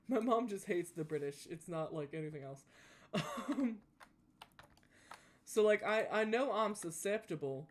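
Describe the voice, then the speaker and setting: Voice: mid-range voice, animated, slow, long pauses. A young adult with a Southern US accent, chatting casually while playing a game and rambling with lots of restarts. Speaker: gaming YouTuber. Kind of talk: casual chat while gaming.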